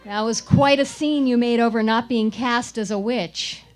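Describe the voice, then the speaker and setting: A woman's voice: on the high side, normal speed, some chatter behind, lightly acted. A woman voicing her exasperated father in a live story, with dry, teasing remarks. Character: exasperated middle-aged man, a dad.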